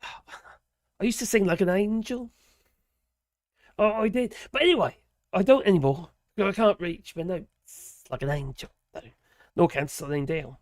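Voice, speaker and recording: A man with a hoarse voice, rambling and chuckling as he hosts a live stream and reads out viewer chat. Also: sits high, measured pace, long pauses, no echo, studio quality. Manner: rambling, chuckling, trailing off mid-sentence. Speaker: livestream host reading viewer chat.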